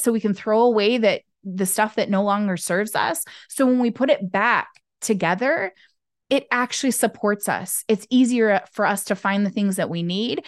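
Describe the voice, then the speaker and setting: A woman guest talking candidly in an interview over a video call, expressive and acting out the voices she quotes. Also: medium pitch, no echo, clean studio sound. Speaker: podcast guest, intuitive business owner. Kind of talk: candid conversational interview talk.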